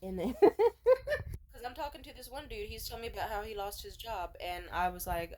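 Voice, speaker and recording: A woman's voice: fairly high pitch, expressive, normal speed, dark tone. Young woman, casual storytime rant, blunt and sarcastic, faint hiss. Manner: blunt, profane, sarcastic, laughing asides. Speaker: vlogger.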